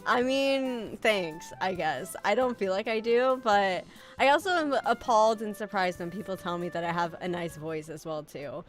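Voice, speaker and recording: A woman's voice: medium pitch, normal speed, faint music behind. A woman streaming as a VTuber, chatting casually with her viewers, swearing freely and joking about herself. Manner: animated, swearing, self-mocking, reads chat aloud. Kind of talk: casual live-stream chat.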